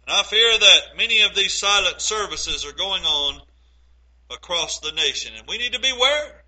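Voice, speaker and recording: A man's voice: sits high, expressive, moderate pace, pushed and bright, low-quality recording. A middle-aged man preaching a sermon, earnest and emphatic, with rhetorical questions to the congregation.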